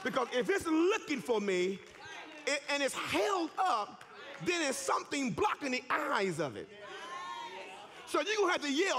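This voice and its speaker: A male preacher delivering a sermon in a church. His voice sits unusually high and rings bright. He shouts fervently, with big, lively swings in pitch and emphatic repetition. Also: normal speed, a faint crowd. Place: church sanctuary.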